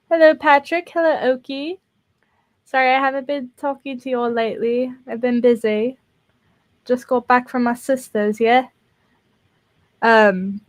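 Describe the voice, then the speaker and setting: A woman's voice: high voice, takes it slowly, long pauses. A young woman streaming casually from her bedroom, tired and rambling, repeating words and laughing between fillers. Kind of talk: casual live-stream chat. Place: bedroom at home.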